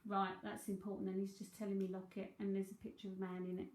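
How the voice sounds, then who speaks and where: A woman's voice: mid-range voice, monotone, fast talker, a little mellow. A woman with a London Cockney accent giving a live psychic reading, chatty and thinking aloud with frequent laughs. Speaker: psychic medium. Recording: roomy echo.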